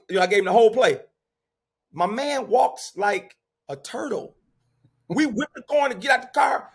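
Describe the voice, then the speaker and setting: Husky man, 50s, high-pitched, lively podcast storyteller. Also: normal speed. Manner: animated storyteller, shouts when quoting himself. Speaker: podcast guest. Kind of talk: casual storytelling.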